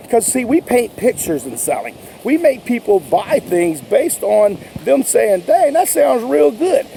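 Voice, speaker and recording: A man's voice: sits high, vocal fry, dark tone, a little hiss or hum, poor audio. A man giving an enthusiastic, folksy sales pep talk as a sales coach, repeating his points. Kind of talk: motivational talk to camera.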